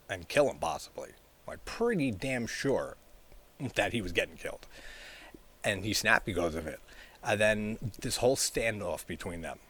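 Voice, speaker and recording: A man's voice: on the low side, fairly bright tone. A man talking casually and rambling as he discusses a horror film, with many filler words and frequent chuckles. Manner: rambling, heavy use of "like", chuckles often. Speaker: horror movie reviewer.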